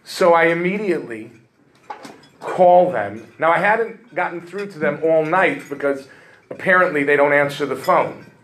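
A middle-aged man, a rabbi, telling a funny story in an animated way as he opens a sermon. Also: on the high side, moderate pace, slight background noise, poor audio. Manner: humorous, animated storytelling with rising emphasis. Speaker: rabbi giving a drasha.

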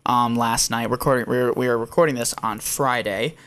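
Young male co-host, clear smooth tone, casual and excitable, curses freely. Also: mid-range voice, a little fast. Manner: excitable, swears freely, lots of fillers. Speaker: podcast co-host. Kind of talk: casual sports podcast chat.

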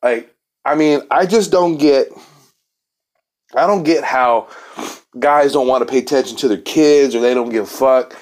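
A man ranting in a loose, profane monologue, his voice mid-pitched for a man. He swears nearly every line and his voice keeps jumping up into loud, incredulous outbursts before settling back into easy storytelling. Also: unhurried, long pauses. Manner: crude, excitable, swears constantly, rants with sudden high-pitched outbursts.

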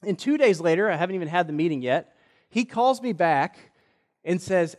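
A man's voice: sits high, normal speed. A male pastor preaching a sermon, telling a personal story in an earnest way. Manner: earnest storytelling, quotes others in lively voices. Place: church sanctuary. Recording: long church reverb.

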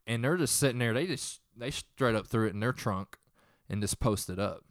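A man's voice: medium pitch, moderate pace, no room sound, clean studio sound. A young man casually retelling a tense story in a profane, rambling way.

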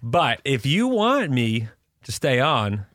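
A man talks casually on a podcast, rambling through his points with plenty of "like" and breaking into little rants. His pitch swings widely and his tone is bright and forward. The sound is dry and close. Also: sing-song, slow, dry recording. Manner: rambling, filler-heavy, ranting. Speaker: podcast co-host. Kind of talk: casual chat.

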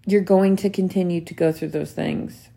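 Low-leaning, gravelly and mellow, her voice holds a steady tone at a moderate pace. She's in her thirties and hosts a solo motivational podcast, speaking to listeners with earnest emphasis, repeating key phrases and swearing casually.

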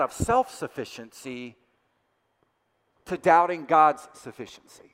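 A male pastor with a fairly high voice delivers a fervent sermon, his speech rising to loud emphatic peaks and then falling to quiet, intimate asides. A long, echoing reverb trails each phrase, as if he is heard through a church sanctuary. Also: lively intonation, slow. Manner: impassioned preaching, swelling louder and dropping to hushed asides.

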